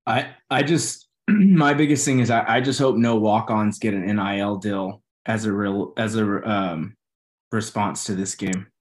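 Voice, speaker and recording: Sarcastic man with a halting delivery. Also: lowish voice. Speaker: podcast co-host. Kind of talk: casual sports podcast chat.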